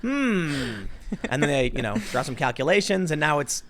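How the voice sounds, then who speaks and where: A man hosting a casual political podcast, talking fast and animated, sometimes mimicking voices for jokes, bothered by allergies. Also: a little high. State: suffering from allergies. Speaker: podcast host.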